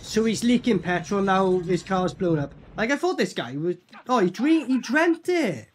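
A man's voice: high voice, normal speed, a little hiss or hum. A man with a British accent casually reacting to a horror film, swearing and laughing. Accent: British English. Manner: animated, swearing, laughing, repeats film lines. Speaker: movie reaction host.

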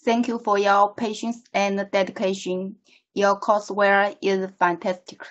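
Slow, polite woman student. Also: mid-range voice, little pitch movement. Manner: polite and careful. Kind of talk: pronunciation drill. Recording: muffled online call audio.

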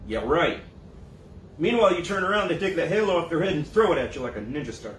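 Echoey pastor preaching in a casual tone. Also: male voice, a little high, big pitch swings, fast, slight background noise. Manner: conversational preaching, acts out quoted voices. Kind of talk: sermon. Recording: echoey room, mic at a distance.

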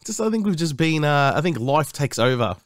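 A man co-hosting a podcast in an easygoing, jokey way. His pitch sits a little high and swings up and down a lot as he talks. He is recorded dry and close on the mic. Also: a little fast, no echo. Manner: lively, jokey, laughs often. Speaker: podcast co-host. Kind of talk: casual podcast chat.

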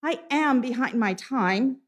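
A woman's voice: expressive, takes it slowly, full character voice. Woman doing a timid pleading clerk. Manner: pleading, raised pitch. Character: timid apologetic male clerk.

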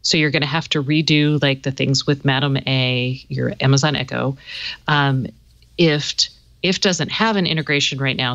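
A woman's voice: a bass voice, creaky, fairly bright tone, no echo, highs cut off. A woman co-hosting a tech talk show, chatty and explaining smart home gear with many fillers. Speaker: tech podcast co-host, smart home expert. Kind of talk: casual tech chat.

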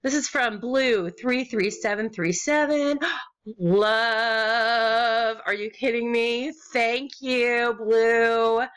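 A young American woman rambling and gushing as she opens gifts in an online game, with sudden squeals and low mutters. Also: fairly even intonation, very slow, fairly bright tone, smooth. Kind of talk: casual gaming commentary.

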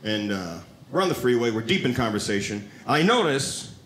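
A man doing a stand-up comedy set on a club stage, telling stories with animated delivery and high shouted quotes. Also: moderate pace, echoey room, a little hiss or hum. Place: comedy club stage before a live audience.

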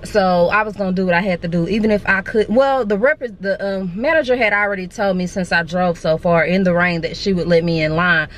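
A woman's voice: on the low side, fairly quick, few pauses, a little hiss or hum. Chatty woman vlogging on a handheld camera. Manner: chatty and excitable, talks straight to viewers. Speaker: beauty vlogger. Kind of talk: casual vlog chat to camera. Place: out and about in a mall and car.

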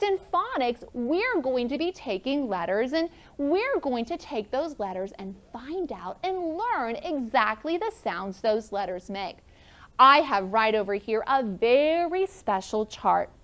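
Upbeat teacher woman with lively pitch. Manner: upbeat, encouraging, calls on pupils by name. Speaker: first grade teacher. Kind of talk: classroom lesson for students and viewers. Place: classroom.

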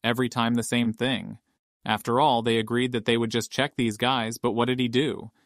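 A man reading a scripted story recap in a steady, matter-of-fact way. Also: medium pitch, normal speed, no echo, clean studio sound. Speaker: recap narrator.

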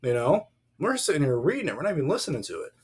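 A man co-hosting a casual Bible discussion podcast, emphatic and animated, acting out the dialogue as he talks. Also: fairly high pitch, racing, husky. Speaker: podcast co-host.

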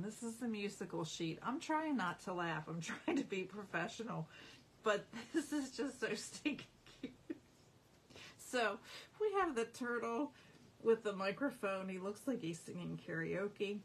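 A woman's voice: mid-range voice, fairly bright tone, a little hiss or hum. A woman hosting a live craft stream, chatty and easily amused as she shows off patterned paper at home. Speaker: craft demonstrator. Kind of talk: live-stream product showing.

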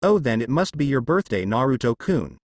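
A man's voice: medium pitch, sing-song, a little fast, no echo. A man voicing a protective young ninja woman. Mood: playful teasing. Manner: protective, teasing. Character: caring young woman masked ninja, fierce yet gentle. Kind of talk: fanfiction audiobook reading.

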